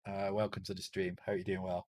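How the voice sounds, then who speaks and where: Northern english bloke with a lowish voice, mutters thru his code, swears a bit, cracks jokes. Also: monotone, a little fast, darkish tone, no echo. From Northern England. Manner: muttering to himself, self-correcting, joking and swearing casually. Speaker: streamer coding a retro game. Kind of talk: live coding stream, thinking aloud.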